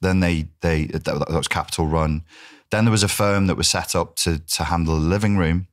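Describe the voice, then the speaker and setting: Middle-aged man, Wirral accent, very low voice, lively anecdotal podcast guest. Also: fairly quick. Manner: animated, swears, does voices for others. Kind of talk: casual storytelling interview.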